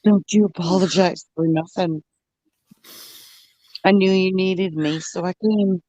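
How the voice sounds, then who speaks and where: A woman from Canada who joined the stream, talking in a calm, reassuring way to a friend. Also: lowish voice, measured pace, dry recording. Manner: reassuring, comforting.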